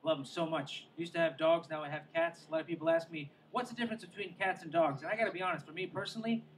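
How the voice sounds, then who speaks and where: High-voiced rambling stand-up comic outdoors. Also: male voice, steady tone, quick pace, far from the mic, slight background noise, low-quality recording. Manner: rambling, self-mocking, trails off with asides. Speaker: stand-up comedian. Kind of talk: stand-up comedy set. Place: outdoor show near the water.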